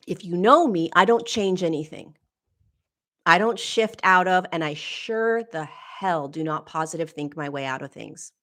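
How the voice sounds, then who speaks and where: A woman's voice: deep voice, a bit bright. A middle-aged woman hosting a candid personal monologue, blunt and emphatic, swearing freely and stammering when moved. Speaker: spiritual teacher and host.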